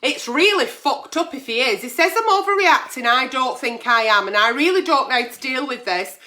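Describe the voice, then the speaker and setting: A high, bright-voiced woman in middle age hosts a live-stream agony aunt show. Her pitch swings widely as she chats, swears freely and reads out viewers' letters. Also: lively intonation, normal speed. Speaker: advice show host.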